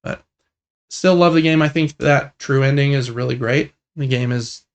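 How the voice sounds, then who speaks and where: A young man co-hosts a casual gaming podcast chat, his middle-pitched voice carrying a gravelly edge at a moderate pace. Relaxed and rambling, he circles back with filler words and gets enthusiastic whenever a favorite game comes up.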